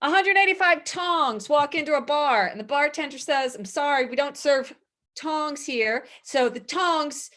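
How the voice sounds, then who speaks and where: A woman telling an improv joke on a video call, animated and scatterbrained. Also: sits high, unhurried. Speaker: improv player.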